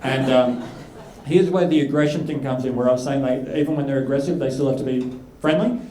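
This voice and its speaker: A man with an Australian accent doing a stand-up routine, telling a story with animated delivery on a comedy club stage. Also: medium pitch, a little fast, a little hiss or hum. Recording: echoey club room.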